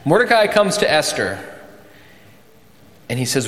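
A man's voice: mid-range voice, normal speed. Male pastor, storytelling sermon, dramatic swings, long reverb. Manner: animated storytelling, voice rising for drama, sinking for solemn points. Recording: echoey church hall.

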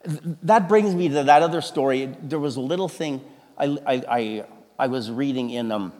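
A male pastor delivers a sermon with an animated, emphatic style, often restarting his sentences and then bursting into loud exclamations. His voice sits in the middle range. The sound carries the long reverb of a large church sanctuary. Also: medium pitch, normal speed.

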